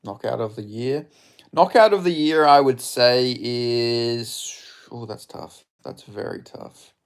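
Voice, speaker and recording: A man streaming live fight commentary, excitable and swearing, chatting with his viewers between rounds. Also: mid-range voice, takes it slowly.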